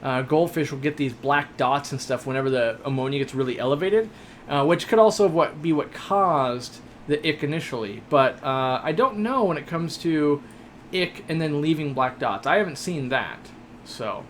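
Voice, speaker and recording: A man's voice: fairly high pitch, expressive, normal speed, slight background noise. A young man hosting a casual live stream, reading viewer questions aloud and answering with jokes and lots of fillers. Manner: chatty, joking, rambling with many fillers. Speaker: host of an aquarium shop live stream.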